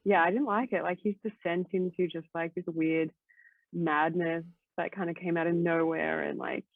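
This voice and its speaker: A woman's voice: lowish voice, steady tone, normal speed, vocal fry, no room sound. A woman guest chatting casually on a podcast, rambling with lots of "like" fillers and casual swearing. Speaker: guest co-host. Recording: tinny phone-like line, dry.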